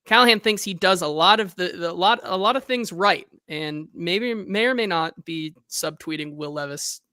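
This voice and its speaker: A man's voice: sits high, moderate pace, bright, forceful tone, clean tone, no echo, studio quality. A man hosting a sports podcast in casual chat, loose and talkative as he reads news aloud and reacts to it.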